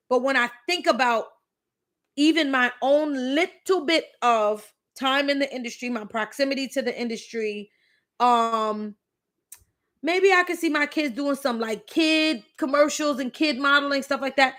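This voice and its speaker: A woman in her thirties with a slightly high voice hosts a casual live Q&A. She talks candidly and chattily and leans on emphatic repeats as she spins anecdotes. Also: normal speed, a bit bright. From the Bronx, New York City. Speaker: host. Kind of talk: live Q&A chat with storytelling.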